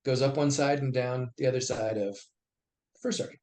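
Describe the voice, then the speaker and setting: Brief: middle-aged veteran man, mid-pitched voice, conversational yarn-spinner who acts out the quotes. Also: normal speed. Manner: acts out quoted dialogue in lively bursts. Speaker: podcast guest, army veteran. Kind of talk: conversational storytelling.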